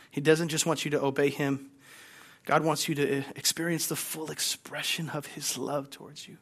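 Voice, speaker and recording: A man preaching a sermon as a guest pastor. He speaks emphatically, repeats key lines and has the congregation say phrases back to him. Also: on the high side.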